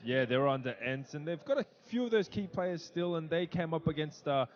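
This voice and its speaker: A man's voice: a little high, animated, brisk, dull audio, a little hiss or hum. A man commentating an esports match, chatty and joking with his co-caster. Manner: chatty, jokey banter with co-caster. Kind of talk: casual play-by-play commentary.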